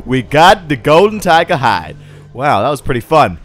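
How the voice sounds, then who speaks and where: A man giving jokey, casual gameplay commentary, yelling and joking at game animals. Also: a little high, big pitch swings, moderate pace. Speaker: gaming YouTuber.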